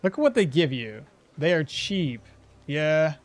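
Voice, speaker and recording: Male streamer, higher voice, animated, casual rambling play-by-play chat. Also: a little slow. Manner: rambling, self-correcting, chatting with viewers. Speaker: game streamer. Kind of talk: casual gameplay commentary.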